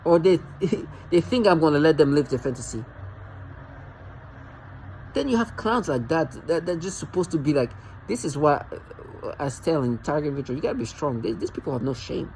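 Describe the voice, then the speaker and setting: A man's voice: on the high side, expressive, normal speed, a little mellow, a little hiss or hum, low-quality recording. Agitated man ranting to camera. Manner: agitated, mocking rant with repeated restarts. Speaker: vlogger. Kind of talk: rambling monologue to camera.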